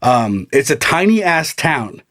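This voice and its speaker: A man co-hosting a podcast, telling a story in casual chat, animated and laughing often as he acts out what people said. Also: on the high side, takes it slowly. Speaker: podcast co-host.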